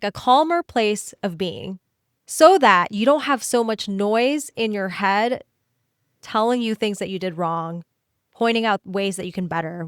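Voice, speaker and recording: A woman hosts a solo career-coaching podcast, talking straight to her listeners. Her delivery is animated, and she slips into little quoted voices as she goes. Her voice sits in the middle range, recorded dry and close. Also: medium pitch, clean tone, no echo.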